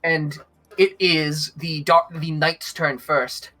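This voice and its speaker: A man's voice: a little high, little pitch movement, slow, bright, forceful tone. A man narrating as game master of a tabletop game, casual and full of fillers.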